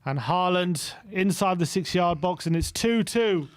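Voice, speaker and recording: High, clear-voiced fan calling the match. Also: male voice, animated, measured pace. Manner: running play-by-play, exasperated outbursts. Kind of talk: fan play-by-play commentary.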